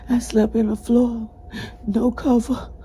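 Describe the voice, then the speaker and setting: Distraught woman pleading, dark voice. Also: fairly high pitch, flat delivery, takes it slowly, husky, rough recording. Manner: urgent, pleading, breaking into tears. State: breathless, cried out. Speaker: person recounting a jail ordeal. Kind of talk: emotional first-person testimony to viewers.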